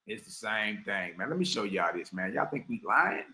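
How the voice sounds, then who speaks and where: A man hosting a livestream, giving animated, mocking commentary full of slang and laughter. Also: on the low side, moderate pace, echoey room. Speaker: livestream host.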